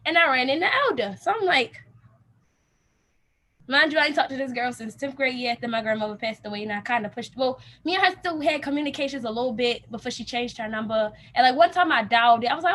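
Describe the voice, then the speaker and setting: A young woman casually telling a story to a group, acting out what people said in lively quoted dialogue. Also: sits high, brisk. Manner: animated, acts out quoted dialogue with laughs. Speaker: youth program participant.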